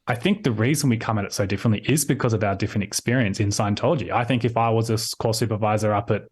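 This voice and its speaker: A man's voice: lowish voice, racing, a little mellow, breathy edge. Rambling Australian man on a video call. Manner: rambling, with many restarts and "like". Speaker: guest. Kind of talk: casual conversational interview.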